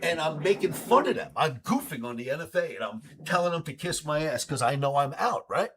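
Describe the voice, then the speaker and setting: A husky-voiced man hosts a live Q&A stream and tells his stories with lots of swing in his pitch. He talks loosely, swears casually and acts out both sides of the conversations he retells. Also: fairly quick. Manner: animated, swears freely, acts out dialogue. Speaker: stream host answering questions. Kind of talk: live Q&A storytelling.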